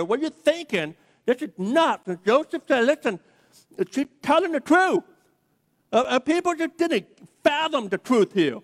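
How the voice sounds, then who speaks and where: High-voiced preacher in a booming hall. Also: male voice. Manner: lively, humorous storytelling with acted-out quotes. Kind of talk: sermon storytelling. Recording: long reverb of a large hall.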